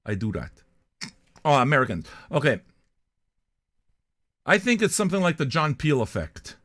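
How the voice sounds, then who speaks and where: A man's voice: on the high side, big pitch swings, moderate pace, fairly bright tone. An older man from Canada, hosting a music reaction show in a blunt, profane, rambling monologue.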